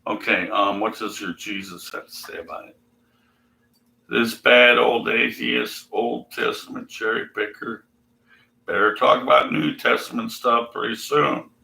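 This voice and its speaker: A man's voice: mid-range voice, steady tone, a little slow, creaky, sharp tone, reverberant, rough recording. A man ranting sarcastically and profanely while reading scripture aloud. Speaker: atheist video commentator.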